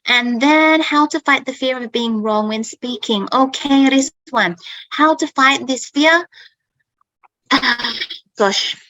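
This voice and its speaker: Bright, emphatic woman teacher. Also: high voice, takes it slowly, dry recording, dull audio. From Australia. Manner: emphatic, repeats herself, keeps asking "okay?". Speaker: host and English teacher. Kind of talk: casual online teaching chat.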